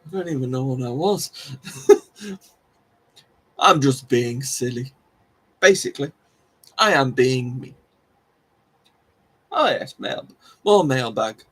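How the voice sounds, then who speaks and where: A man's voice: medium pitch, lively intonation, takes it slowly, pauses often, fairly bright tone, husky. A man hosting a live stream, chatting casually with viewers in a rambling, self-deprecating way. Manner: rambling, self-deprecating, restarts and laughs often. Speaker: livestream host.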